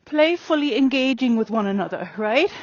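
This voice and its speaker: Calm coaxing woman, higher voice. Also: moderate pace, no echo, muffled recording. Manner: calm, coaxing, many fillers. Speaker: horse trainer. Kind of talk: explaining training while working a horse. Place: outdoor open riding arena.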